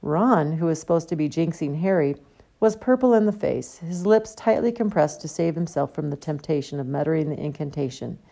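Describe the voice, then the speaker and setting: A woman reading a novel aloud as an audiobook, with steady storytelling delivery. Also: deep voice, a little fast, vocal fry. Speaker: audiobook reader. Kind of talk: audiobook narration.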